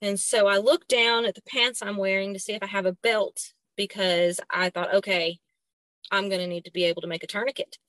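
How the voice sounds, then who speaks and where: A middle-aged woman with a Southern American accent talks as a podcast guest, her voice bright and clear against a dry, close sound. She tells her story haltingly, with plenty of ums and restarts, and slips into the voices of the people she quotes. Her pitch sits in a middle range. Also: fairly even intonation, dry recording. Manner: halting, frequent fillers and restarts, acts out quoted dialogue. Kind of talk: personal storytelling in an interview.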